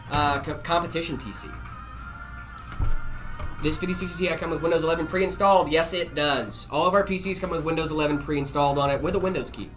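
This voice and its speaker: A man hosting a live stream, casually answering viewer questions with lots of "uh" and "um" and easy jokes. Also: a little high. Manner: relaxed, full of "uh" and "um" fillers, jokey.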